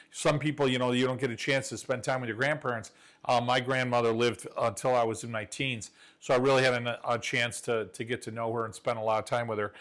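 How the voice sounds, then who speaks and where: A man's voice: medium pitch, a bit bright. A man hosting a cooking show from his kitchen, talking to viewers in an enthusiastic, folksy, chatty way. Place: home kitchen.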